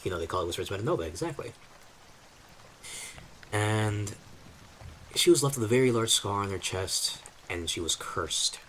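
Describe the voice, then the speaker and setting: A man's voice: fairly low pitch, expressive, normal speed, long pauses, fairly bright tone, slight background noise, rough recording. A man streaming as a novice dungeon master, casually recapping his campaign in a chatty, self-deprecating way and talking to his chat.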